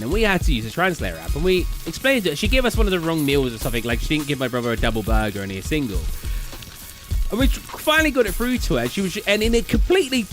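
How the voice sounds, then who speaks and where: A young British man streaming live, telling rambling travel stories in casual chat, full of fillers and quick laughs. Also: a little high, fairly bright tone. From Britain. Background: faint game music.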